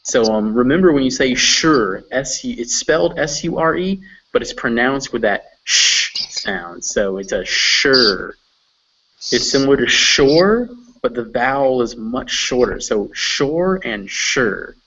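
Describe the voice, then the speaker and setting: A man teaching English in an online lesson, patiently explaining and slowly demonstrating pronunciation. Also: medium pitch, lively intonation, a bit bright, distant mic. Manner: patient, slow careful demonstrations. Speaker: English tutor. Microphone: video call. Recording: dull lo-fi video call audio.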